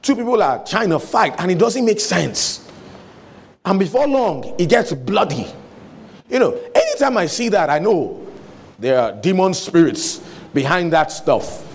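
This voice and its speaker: Lively, emphatic male preacher. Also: high voice, unhurried, slightly rough. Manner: emphatic, repeats key lines. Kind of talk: sermon.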